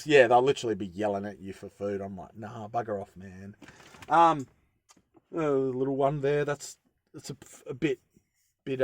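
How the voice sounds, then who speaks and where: A man's voice: medium pitch, dry recording. Rambling man, dry close sound. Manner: rambling, self-interrupting, easygoing. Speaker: bushcraft vlogger. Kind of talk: casual tutorial chat.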